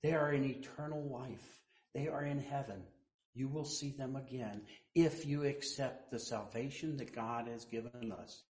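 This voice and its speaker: Slow-preaching male pastor in echoey church. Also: medium pitch, fairly even intonation. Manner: storytelling preacher, quoting others in hushed voices, rising to loud emphasis. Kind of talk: sermon. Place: church sanctuary.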